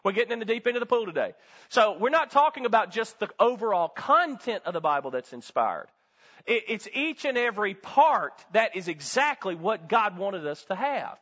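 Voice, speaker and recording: A man's voice: high voice, sing-song, normal speed, fairly bright tone. A male pastor preaching a sermon, emphatic and full of rhetorical questions and calls to the congregation. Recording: dull sound with long hall reverb.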